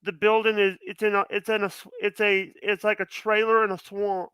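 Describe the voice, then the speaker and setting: Guy guesting on a podcast, high voice, bright and crisp, rambles a lot. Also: flat delivery, fairly quick, no room sound, poor audio. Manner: rambling, restarts often, emphatic. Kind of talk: casual podcast chat.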